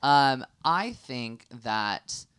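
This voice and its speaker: A young man chatting on a podcast, agreeing quickly and leaning on fillers. His voice is smooth and clear at a middle pitch. The sound is dry and close. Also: very animated, fairly bright tone, no room sound. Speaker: podcast co-host. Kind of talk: casual chat.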